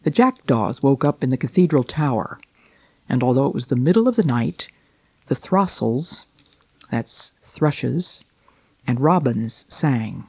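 Man gently reading a children's story. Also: mid-range voice, animated, slightly rough, no echo. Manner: gentle, unhurried, with dramatic slowing. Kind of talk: storybook read-aloud.

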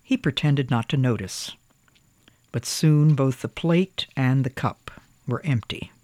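A storyteller reading a picture book aloud in a gentle, expressive way. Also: medium pitch, measured pace, no echo.

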